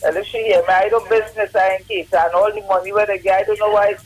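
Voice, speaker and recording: A woman's voice: medium pitch, level tone, fast, darkish tone, breathy edge, low-quality recording. A woman with a Trinidadian accent giving a fiery, preachy political rant as a guest on a live stream, mocking her targets.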